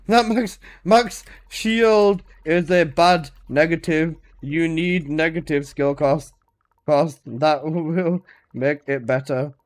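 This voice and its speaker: A man with a notably high voice runs a live game stream, chatting in loose, excitable banter. He teases and swears freely, repeating himself while riffing on in-game trades. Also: slow pace. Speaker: gaming streamer.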